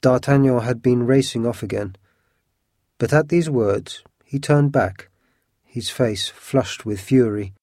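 Male storyteller, steady measured reading, close and dry. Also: medium pitch, no room sound. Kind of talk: audiobook narration.

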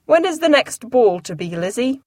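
A woman reading aloud, giving the lines of a dry, sarcastic older gentleman in a wry, understated tone. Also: on the high side, very animated, normal speed, dry recording.

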